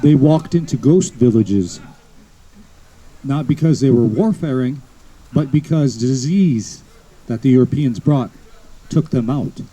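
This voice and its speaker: A man's voice: medium pitch, dark tone, breathy edge, low-quality recording. A man from the United States giving a lecture to an audience at an outdoor history event, telling stories and listing names one by one with small asides. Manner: storytelling, lists names slowly, with asides. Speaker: guest speaker at a history event.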